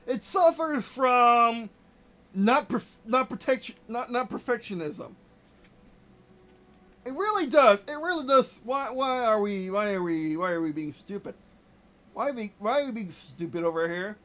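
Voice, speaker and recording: A gameplay video host giving live commentary, venting frustration at the game in short, repeated outbursts and yelling complaints. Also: mid-range voice, animated, a little slow.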